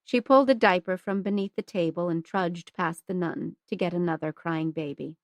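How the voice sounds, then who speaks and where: A woman narrating a historical novel as an audiobook in a measured, steady reading. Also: on the low side, no room sound. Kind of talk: scripted narration.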